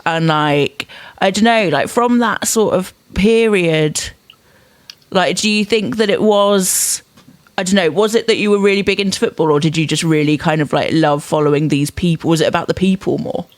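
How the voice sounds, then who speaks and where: A man's voice: high-pitched, moderate pace, no room sound. A man hosting a podcast, chatting casually and asking curious questions. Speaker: podcast host. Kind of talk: casual chat.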